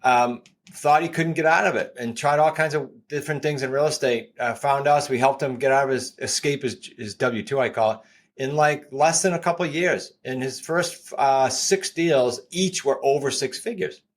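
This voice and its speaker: New england guy in his 50s, podcast guest, upbeat salesy pitch, keeps repeating the big numbers. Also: moderate pace. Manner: energetic, pitching, repeats key points. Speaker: guest, real estate coach. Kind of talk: podcast interview.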